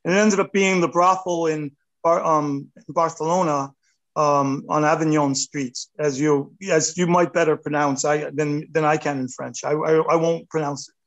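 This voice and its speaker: A man in his fifties chats as an interview guest, rambling and self-deprecating. His voice sits a little high for a man. He gets animated as he talks. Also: moderate pace, rough recording. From United States. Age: 50s. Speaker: artist guest. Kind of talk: casual interview chat.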